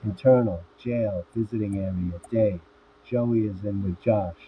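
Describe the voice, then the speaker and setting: A man reads through a script, giving speaker names and stage directions in a plain, even way. His voice sits fairly low, and the sound is narrow and phone-like with a faint hiss underneath. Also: measured pace, far from the mic. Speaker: narrator reading a script.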